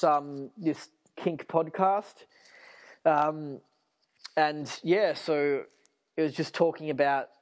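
A man's voice: medium pitch, darkish tone. A man hosting a solo podcast, talking in a rambling way with many fillers and restarts. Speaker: podcast host.

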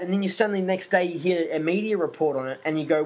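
Ranting man, fairly high voice. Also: quick pace, rough recording. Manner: animated, indignant, swears freely, many fillers. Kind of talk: casual ranting monologue.

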